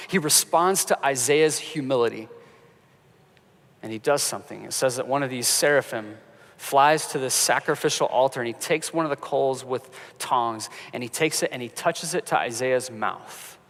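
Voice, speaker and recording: A man's voice: mid-range voice, moderate pace, fairly bright tone. A man preaching a sermon as pastor, conversational and storytelling with touches of humor, in a church sanctuary. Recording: reverberant church hall.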